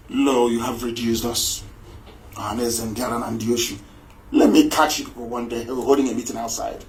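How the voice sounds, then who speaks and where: A man's voice: fairly high pitch, low-quality recording. A man giving an impassioned live radio broadcast, scornful and mocking and repeating himself for emphasis. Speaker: political broadcaster.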